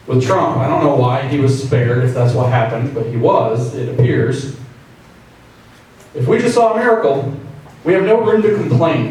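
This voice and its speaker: A man's voice: on the high side, darkish tone. Man joking to a meeting in an echoey room. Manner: joking and conversational, acting out quoted voices. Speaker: invited speaker. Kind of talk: public speech to a meeting. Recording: very echoey room, distant mic, faint noise.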